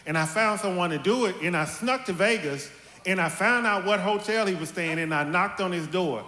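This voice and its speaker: A middle-aged man tells family stories, his high, bright voice full of energy. He acts out his mother's lines with playful emphasis. The sound is roomy, as if picked up in a large hall with a long echo. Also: fairly quick. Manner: animated, with lively put-on quotes of his mother. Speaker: panelist. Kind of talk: candid storytelling on a church panel. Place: church hall. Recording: echoey hall with faint ambience.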